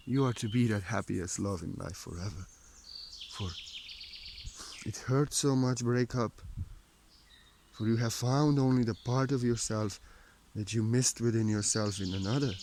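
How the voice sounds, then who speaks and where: A man speaking as a spiritual teacher, his delivery earnest and insistent, circling back to the same phrases. He drops to a hushed tone and then rises to forceful emphasis, with slightly non-native phrasing. A faint hiss of background noise sits under his voice. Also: on the low side. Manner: earnest, repetitive, preachy, swinging between hushed and forceful emphasis.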